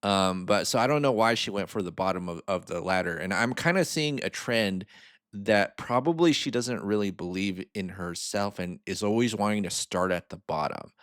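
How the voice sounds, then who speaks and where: A man with a low voice talks through a video he is reacting to. His delivery is loose and conversational, and he often tags his points with a quick "right?". The sound is dry and close. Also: a bit bright, no room sound. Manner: chatty, asks "right?" often, frank opinions. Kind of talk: casual commentary on a video.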